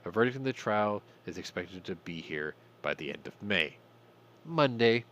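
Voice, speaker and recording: A man's voice: low-pitched, expressive, moderate pace, a bit bright. A man hosting a casual news commentary podcast, irreverent and swearing, with ranting asides. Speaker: podcast host.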